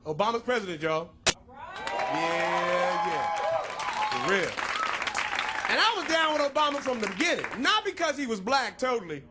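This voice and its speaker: High, lively male stand-up comic. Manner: playful, punchy, drawn-out punchlines. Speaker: stand-up comedian. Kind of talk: stand-up comedy set. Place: comedy club stage. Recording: live club crowd and noise.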